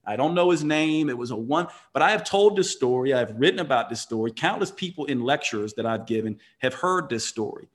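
A man's voice: mid-range voice, lively intonation, a little fast, few pauses. A man telling a motivational story in conversation, earnest and emphatic, often restarting his sentences.

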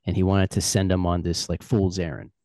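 A man's voice: low voice, brisk, no echo, clean studio sound. A man in a casual podcast chat, telling a story with lots of acted-out dialogue. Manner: animated storyteller acting out quoted characters. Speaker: podcast guest.

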